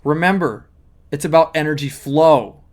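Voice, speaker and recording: Coach type, high male voice, earnest explainer who repeats the key points. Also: normal speed. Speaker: manifesting coach. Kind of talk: motivational teaching monologue.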